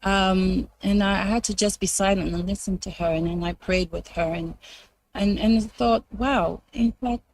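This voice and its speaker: A woman presenter sharing a ministry testimony in conversational style, animated when she quotes others, with frequent hesitant fillers. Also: mid-range voice, normal speed, slight background noise, rough recording.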